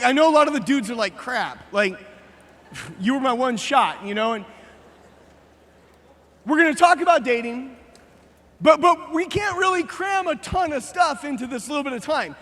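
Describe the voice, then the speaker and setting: A man with a fairly high voice talks to a youth audience in a large hall, and his words ring on in a long reverb. He tells his story playfully and acts out the dialogue in a casual, comedic way. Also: fairly bright tone. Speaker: youth conference speaker.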